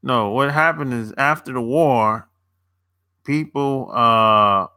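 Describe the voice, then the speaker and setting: A man's voice: medium pitch, takes it slowly, bright, forceful tone, no room sound, studio quality. A young man chatting loosely on a live stream, answering viewers as a dating coach, rambling and repeating himself with casual swearing.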